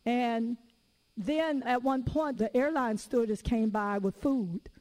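A woman preaching a sermon, telling personal stories in a lively, conversational and casual way. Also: on the high side, takes it slowly, poor audio. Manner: casual everyday phrasing.

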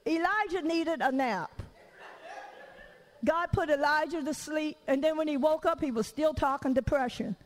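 A woman preaching a candid, conversational sermon, lively and laughing, with frequent rhetorical questions to the congregation. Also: high voice, moderate pace, in a large hall, low-quality recording.

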